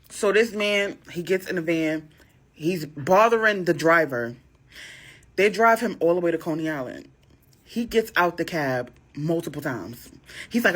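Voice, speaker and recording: Animated woman telling a dating story. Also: moderate pace. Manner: animated, dramatic retelling with sudden high outbursts. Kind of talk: casual storytime vlog.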